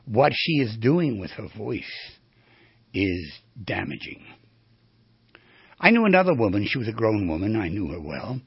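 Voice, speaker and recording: A male therapist giving a storytelling lecture on the voice, animated and asking his audience questions. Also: on the low side, a little slow, pauses often, no echo, highs cut off. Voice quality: very raspy, gravelly.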